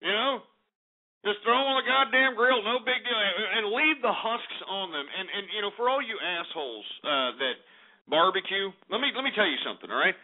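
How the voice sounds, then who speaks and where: A man's voice: high-pitched, lively intonation, normal speed. A man hosting a talk radio show, ranting abrasively and sarcastically with lots of swearing, through tinny phone-like sound.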